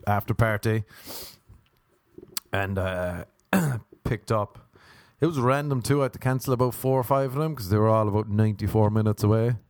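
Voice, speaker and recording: A young Irish man telling a rambling, animated story. He laughs and jumps up in pitch for emphasis. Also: dry recording. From Ireland. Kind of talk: casual storytelling monologue.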